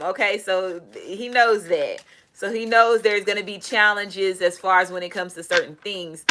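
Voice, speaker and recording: A woman doing a casual tarot reading, talking in an animated, profane way. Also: medium pitch. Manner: animated, profane, laughing asides. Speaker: tarot reader.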